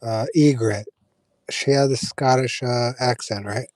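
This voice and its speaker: A man's voice: medium pitch, fairly even intonation, unhurried, a little mellow, no echo. A man chatting casually with viewers on a live stream, rambling with fillers and restarts.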